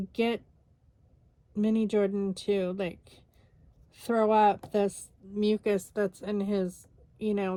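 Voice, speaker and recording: A woman's voice: medium pitch, warm tone, dry recording. An exhausted woman chatting casually while she crafts, rambling with lots of fillers. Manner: rambling, tired, many fillers. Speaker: scrapbooking vlogger.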